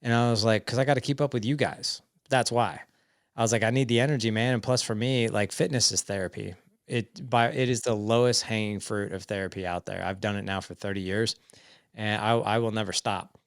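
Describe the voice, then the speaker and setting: Low-voiced man in his forties, dry sound. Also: fairly quick, no room sound. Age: 40s. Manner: animated, quotes family dialogue in stories. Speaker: podcast guest. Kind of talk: casual storytelling chat.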